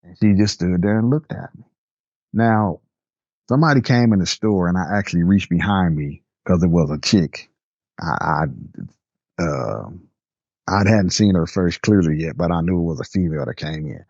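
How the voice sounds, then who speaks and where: A man's voice: deep voice, moderate pace, darkish tone, no room sound, dull audio. A man telling a story from his past with emphatic delivery, acting out the dialogue. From Southern US. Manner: emphatic, acts out dialogue with rising indignation. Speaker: storyteller guest. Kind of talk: casual spoken storytelling.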